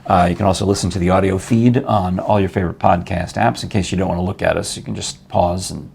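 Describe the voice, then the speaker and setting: A man's voice: sits low, fairly even intonation, quick pace, vocal fry, darkish tone, breathy edge. An older man from New York hosting a casual interview show, chatty and rambling, laughing often. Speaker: talk show host.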